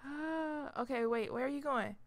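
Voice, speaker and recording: A young woman giving gameplay commentary as a channel host, chatty and excitable, talking to the game characters and dropping into whispered asides. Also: sits high, moderate pace, dry recording.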